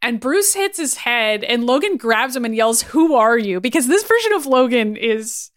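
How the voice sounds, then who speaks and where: A woman's voice: fairly high pitch, very animated. A woman co-hosting a podcast, casually recapping a cartoon, laughing often and acting out lines. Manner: laughing often, acts out lines in quick voices. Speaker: podcast co-host.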